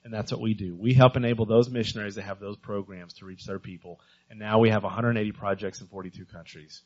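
A man giving a missions talk to a church congregation, telling stories with lively energy and often stumbling over repeated words. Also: fairly low pitch, quick pace, highs cut off. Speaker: visiting missions speaker.

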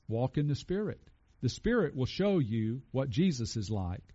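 A man's voice: mid-range voice, sing-song, normal speed, mellow, slightly rough, muffled recording. Man preaching a casual sermon. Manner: conversational preaching, asks the congregation questions. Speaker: pastor.

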